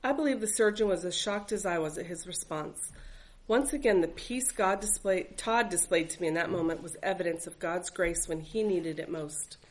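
A woman's voice: on the low side, normal speed, rough recording. Earnest woman reading her own memoir. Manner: earnest, reflective, faith-filled. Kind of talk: reading a personal memoir aloud.

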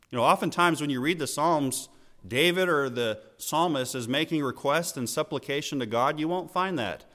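A man preaching a sermon in an earnest, teaching tone, slowing down to stress key words and letting his phrases fall at the end. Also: medium pitch, a bit bright. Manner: slow emphatic phrasing with falling line endings.

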